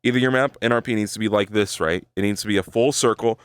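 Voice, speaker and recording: A male streamer with a lowish, steady voice talks fast to his viewers, thinking aloud in a rambling way, swearing freely and tagging sentences with "right?". The tone is clean, with no room sound and a clean studio quality. It's casual live-stream chat.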